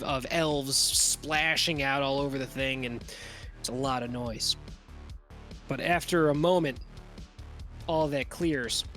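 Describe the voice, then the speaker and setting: A man's voice: mid-range voice, sharp tone. A man as game master, narrating a tabletop game in a casual, vivid, profane way.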